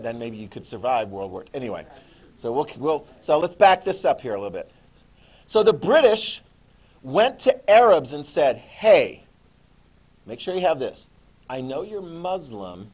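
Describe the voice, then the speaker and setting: A man teaching a class, lecturing in a lively way and checking in with the students with frequent "okay?"s and questions. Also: mid-range voice.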